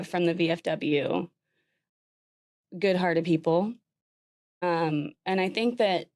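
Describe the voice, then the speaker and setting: A woman's voice: on the low side, darkish tone. A woman, a podcast guest talking earnestly and casually with many "like" fillers. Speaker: guest, former communications manager. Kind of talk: casual interview chat.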